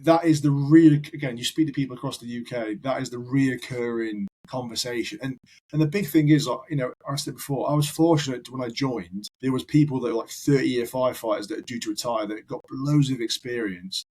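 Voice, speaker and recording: A man's voice: mid-range voice, fairly quick, darkish tone, slightly rough, rough recording. A man, a firefighter guest on a podcast, telling long rambling anecdotes in casual chat. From United Kingdom. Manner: rambling anecdotal storyteller, repeats words.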